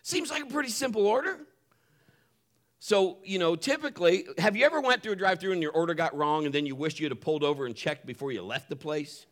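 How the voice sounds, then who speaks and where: A middle-aged pastor tells his sermon like a story, with a pitch that rises and falls widely. His voice is bright and forceful, a little high for a man, and he acts out the people in his story. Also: fast. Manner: animated storyteller, acts out voices, laughs while telling.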